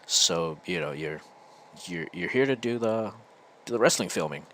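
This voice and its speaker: A man voicing a brisk, businesslike male organizer of amateur wrestling videos in a low voice. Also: expressive, a bit bright, a little hiss or hum. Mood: offhand.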